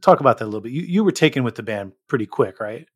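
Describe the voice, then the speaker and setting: A man's voice: mid-range voice, animated, rapid-fire, slightly rough, no room sound, studio quality. Male podcast host asking brief questions. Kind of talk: interview questions.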